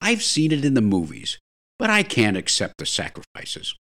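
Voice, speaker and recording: A man's voice: mid-range voice, huge pitch swings, moderate pace, fairly bright tone, full character voice. A man reading the part of an anxious, lovestruck young male golfer who speaks passionately and quaveringly. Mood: earnest.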